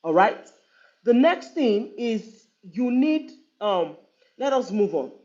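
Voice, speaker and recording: A woman's voice: fairly high pitch, sing-song, takes it slowly, mellow. A woman giving a live online talk, earnest and conversational, repeating phrases for emphasis. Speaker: relationship speaker. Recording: dull lo-fi online stream.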